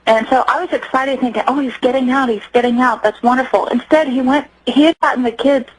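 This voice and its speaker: A middle-aged woman speaks with a fairly high voice as a guest on a radio broadcast. She tells her story earnestly and stops to restart her sentences. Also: fairly even intonation, slightly rough, poor audio. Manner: earnest, acts out quoted voices, halting restarts. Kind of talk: radio interview, personal account.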